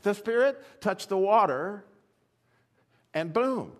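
A man preaching with a slightly high voice and lots of swing in his pitch. He fires rhetorical questions at the congregation and builds toward excited exclamations. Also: slow pace. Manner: animated, rising to excited exclamations; asks the audience rhetorical questions. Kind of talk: sermon.

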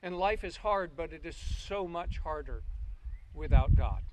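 Male pastor, high voice, halting, repeats words as he restarts, sermon delivery. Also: slight background noise.

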